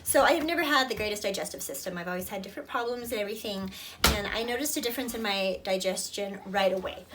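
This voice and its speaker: A woman's voice: medium pitch, fast talker. A woman and mother giving a heartfelt review to camera, earnest and emotional, rambling with fillers. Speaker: product reviewer, mother of toddler twins. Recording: distant mic with clear background noise.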